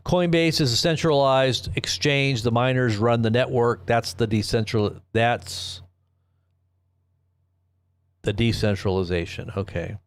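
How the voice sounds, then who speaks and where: A man's voice: mid-range voice, a little slow, clear, resonant tone, no room sound. Guy hosting a live news stream, rambly and jokey, keeps cutting himself off, mid voice, dry close sound. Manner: rambling, self-interrupting, joking. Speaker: host. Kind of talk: casual livestream commentary.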